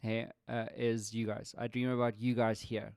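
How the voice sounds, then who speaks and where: A man's voice: mid-range voice, little pitch movement, normal speed, creaky, a little mellow, clear, resonant tone, dry recording, clean studio sound. A man hosting a casual podcast chat with friends, talking reflectively with restarts. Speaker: podcast host.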